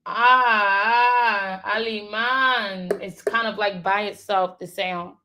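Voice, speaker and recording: A woman learning a language, thinking aloud and slowly repeating words to practice them. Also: mid-range voice, flat delivery, fairly bright tone, a little hiss or hum. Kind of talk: thinking aloud while studying.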